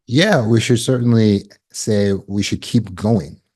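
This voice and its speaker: A man with a deep, low voice leads a live online coaching class over a video call. He is encouraging, affirms answers with quick praise and keeps asking "right?". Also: darkish tone. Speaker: healing coach. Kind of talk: live online teaching session.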